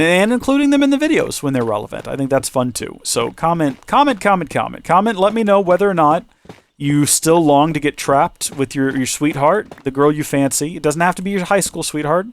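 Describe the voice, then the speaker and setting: A man hosting a gaming channel, rambling and joking with viewers in a chatty commentary while his voice starts to give out. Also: a little high. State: losing his voice. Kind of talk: chatty let's-play commentary.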